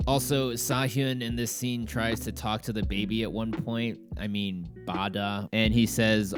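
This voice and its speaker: A man with a lowish voice recaps a drama episode in casual, chatty commentary. He is sarcastic and swears freely, breaking into theatrical groans and asides, with faint music behind him. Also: fairly even intonation, unhurried, few pauses. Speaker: drama review host.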